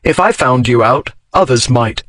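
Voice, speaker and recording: A man's voice: mid-range voice, lively intonation, normal speed, a bit bright, no room sound, lightly acted. Man doing a smug teasing duke from a romance audiobook, dry and mocking, close dry mic. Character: sardonic, teasing aristocratic English duke. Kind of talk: audiobook character voice.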